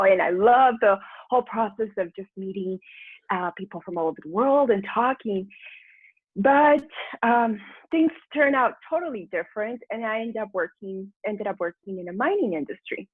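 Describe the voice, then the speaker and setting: A woman's voice: medium pitch, normal speed, breathy edge, no echo. A woman guest, a personal transformation mentor, telling her life story in a chatty way, often laughing and acting out her own past thoughts. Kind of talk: candid storytelling interview. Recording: dry phone-like line.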